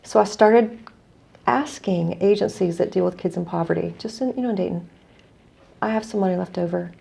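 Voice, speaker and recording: A woman's voice: on the low side, fairly quick, gravelly, mellow, slightly rough. A middle-aged woman from the United States, an earnest guest telling a story in conversation and quoting others as she goes. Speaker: guest, non-profit executive director.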